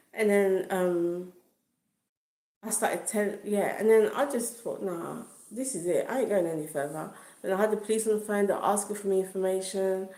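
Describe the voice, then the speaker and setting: A woman's voice: mid-range voice, moderate pace, mellow. A woman telling a casual story on a livestream, chatty and full of asides like "do you know what I mean.". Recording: echoey room.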